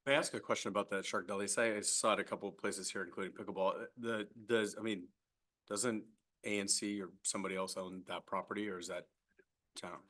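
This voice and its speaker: A man at a public meeting asking a quick question about property ownership. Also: on the low side, steady tone, sharp tone.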